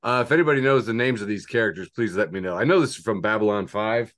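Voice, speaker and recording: A man's voice: on the low side, quick pace, fairly bright tone. A man co-hosting a podcast in casual comedic chat, upbeat and laughing at his own bits. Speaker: podcast co-host.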